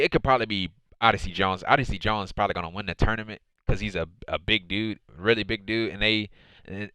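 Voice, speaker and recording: A man's voice: on the low side, bright, forceful tone, clear, resonant tone, dry recording. A man hosting his own wrestling review show, recapping the episode in a casual, rambling way, repeating phrases and often saying "man" and "dude".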